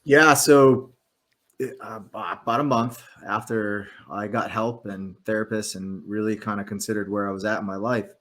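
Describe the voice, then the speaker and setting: A man's voice: lowish voice, a bit bright. A man who is an author and podcast guest, speaking earnestly and openly about hard personal times. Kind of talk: personal story in an interview.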